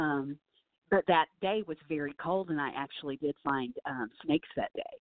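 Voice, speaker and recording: A woman's voice: low voice, brisk, no echo. Enthusiastic woman on a tinny line. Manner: enthusiastic, animated storyteller. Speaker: film set snake wrangler and wildlife handler. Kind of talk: casual interview storytelling. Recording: tinny dry phone-line audio.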